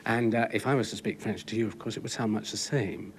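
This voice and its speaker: A man's voice: lowish voice, steady tone, fast, a little hiss or hum. A man in his forties, a voice actor appearing as a guest on a TV chat show, speaking in a dry, wry manner.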